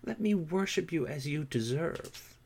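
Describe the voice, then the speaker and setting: A man's voice: on the high side, animated, measured pace, a little mellow, breathy edge, voice pushed up, full character voice. A man reading the lines of a submissive young man who begs eagerly. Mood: pleading. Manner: begging, eager.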